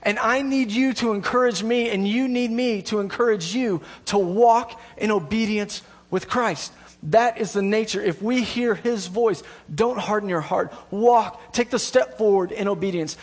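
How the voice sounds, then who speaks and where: A man with a high voice delivers a sermon from the pulpit. He mixes self-deprecating humor into earnest, emphatic exhortation, repeating key phrases for weight. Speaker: preacher.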